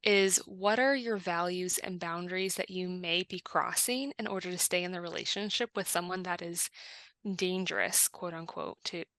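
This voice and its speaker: A woman's voice: fairly low pitch, normal speed, a bit bright, dry recording. A woman co-hosting a podcast in a casual discussion, reflective and often checking in with "right?". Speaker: podcast co-host.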